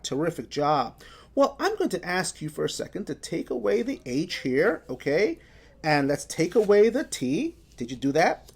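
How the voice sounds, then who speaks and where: Slow, lively woman teaching phonics. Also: mid-range voice. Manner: slow, sounding out letters, cheerful praise. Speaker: reading teacher. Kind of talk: phonics lesson for children.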